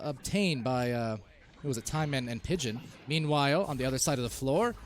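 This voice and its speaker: A man casting a live esports match, calling plays quickly and rising to shouts when goals are scored. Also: medium pitch, slight background noise. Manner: excitable, rises to shouts on goals. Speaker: esports caster. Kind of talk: live play-by-play commentary.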